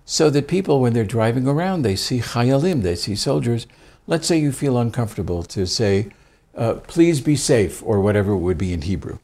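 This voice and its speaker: A man's voice: medium pitch, animated, fairly quick, warm tone. A man with an American accent, a rabbi being interviewed, telling stories with wry, self-deprecating humor in a casual conversation. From United States.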